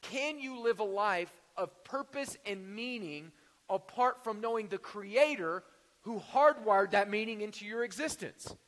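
A man's voice: high-pitched, lively intonation, unhurried, fairly bright tone, in a large hall. A man preaching a sermon in a conversational way, with jokes and rhetorical questions. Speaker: pastor.

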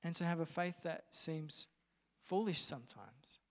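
A male pastor preaches in a relaxed, conversational tone, with a fairly high voice. Long reverb from a church hall trails his words. He drops in casual asides as he talks. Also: a little slow. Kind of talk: sermon.

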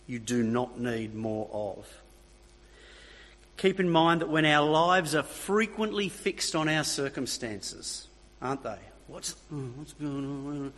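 Slow, husky-voiced male preacher. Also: on the high side, a bit bright. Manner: emphatic, repeats key phrases, asks the congregation. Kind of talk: sermon. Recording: long reverb of a hall.

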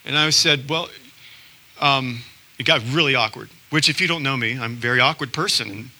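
A man's voice: mid-range voice, fast, sharp tone. A man preaching a sermon as pastor, telling stories in a conversational, self-deprecating way and acting out quotes.

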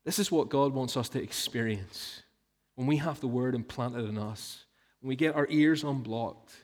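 A man's voice: medium pitch, normal speed. A man, preaching a sermon in an earnest, emphatic way full of rhetorical questions. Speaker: pastor.

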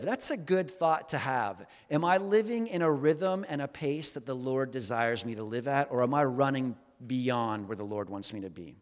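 A man preaching a sermon in a conversational, humorous way, often asking the congregation questions. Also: on the high side. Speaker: pastor. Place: church hall with congregation. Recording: long hall reverb.

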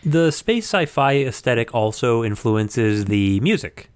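A man's voice: mid-range voice, sing-song, a little slow, clean tone, no room sound. A man co-hosting a podcast in casual chat, opinionated and critical. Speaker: podcast co-host.

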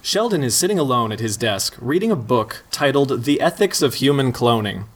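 A man's voice: medium pitch, animated, normal speed, heavy background noise. A man hosting a comedy table read, wry and self-deprecating, casting players and reading stage directions. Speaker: comedy writer and host. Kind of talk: improv comedy banter.

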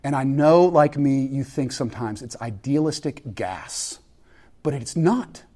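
Male pastor, lively sermon, jokes with the congregation, loud peaks and quiet drops. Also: mid-range voice, a little slow. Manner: animated preaching with sudden loud peaks and hushed drops; conversational and joking with the congregation.

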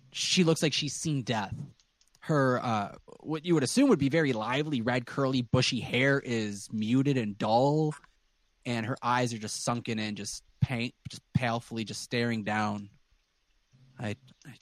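A man's voice: mid-range voice, no room sound. Man as game master, tabletop narration, dry close mic. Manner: loose, searching, many restarts.

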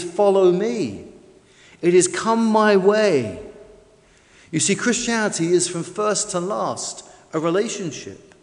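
A man with a high voice preaches a sermon, his emphasis rising and falling from line to line. The sound carries a long reverb, as in a large hall or church. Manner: emphatic, varied preaching delivery.

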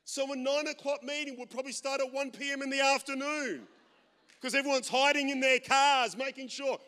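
Loud pastor, high voice. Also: male voice, a little fast, in a large hall. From Australia. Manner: loud, animated, self-deprecating humor. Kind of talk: sermon with storytelling.

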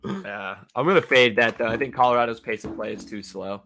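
Man, bright and clear tone, laid-back betting chat, drops frequent curses. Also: lowish voice, brisk, a little hiss or hum. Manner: laid-back, swears freely, says bro and dude. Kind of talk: casual sports betting chat.

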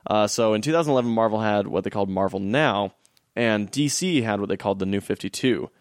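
A man's voice: on the low side, fast talker, dry recording, clean studio sound. A man co-hosting a casual podcast chat, teasing his friend and laughing often. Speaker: podcast co-host.

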